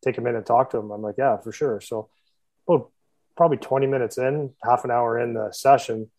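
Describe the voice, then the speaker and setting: A man's voice: medium pitch, steady tone, fairly quick, darkish tone, low-quality recording. A man who coaches hockey skills tells long stories in a casual, rambling way, breaking off mid-sentence and adding laughing asides. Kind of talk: casual storytelling.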